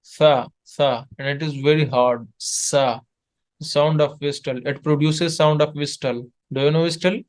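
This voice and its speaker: A man teaching letters in an online lesson, patiently repeating sounds in halting English. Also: a little high, steady tone. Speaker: Arabic tutor. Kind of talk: one-on-one online language lesson.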